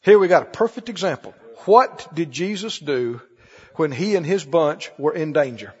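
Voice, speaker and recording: A man's voice: a little high, lively intonation, moderate pace, darkish tone, husky, big-room sound, dull audio. A man preaching a sermon, firing repeated questions at his congregation. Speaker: pastor.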